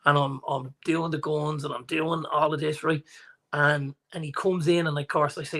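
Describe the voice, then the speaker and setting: Animated Irish man in his forties. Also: fairly high pitch, normal speed. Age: 40s. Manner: animated storyteller, acts out quotes. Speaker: podcast co-host. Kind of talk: casual chat.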